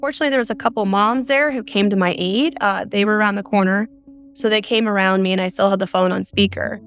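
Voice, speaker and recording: A woman's voice: medium pitch, fairly even intonation, fast, fairly bright tone, faint music behind. A middle-aged woman from Arizona, a mother of four, earnestly recounting a frightening experience as a guest on a podcast. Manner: earnest, detailed storytelling.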